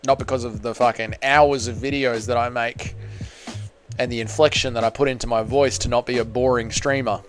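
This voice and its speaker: A young man who talks quickly and rambles as he reads viewer comments aloud on a casual stream. He fills his talk with "like" and swears freely. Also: mid-range voice, fairly even intonation, faint music behind. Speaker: MMA livestreamer.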